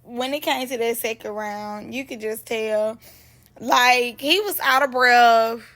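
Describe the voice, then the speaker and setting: A woman giving casual reaction commentary on a reality show, animated and slangy, laughing often between remarks. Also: a little high, slow.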